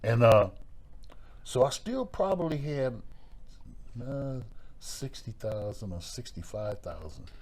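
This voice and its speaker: A middle-aged man, a former pro wrestler, telling stories in a relaxed interview, with a lively way of talking that acts out voices and repeats words. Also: medium pitch, takes it slowly, long pauses. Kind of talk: storytelling in a podcast interview.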